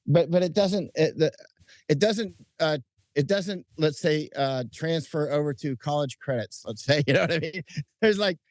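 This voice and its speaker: A middle-aged man chatting outdoors at night as an interview guest, telling animated stories with frequent restarts and chuckles. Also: a little high, moderate pace, dry recording, clean studio sound. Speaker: interview guest, combat correspondent. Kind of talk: casual interview chat. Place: outdoors at night under lights.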